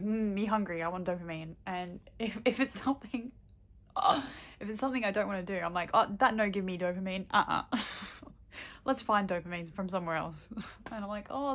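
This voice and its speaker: A woman's voice: mid-range voice, a bit bright. A young woman vlogging in casual chat, candid and rambling, swearing freely and laughing often.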